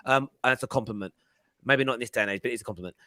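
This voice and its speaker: A man's voice: medium pitch, rapid-fire, pushed and bright, dry recording. A man hosting a casual football fan panel, bantering and reading out viewer messages. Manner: bantering, laughs often, reads out viewer messages. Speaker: host.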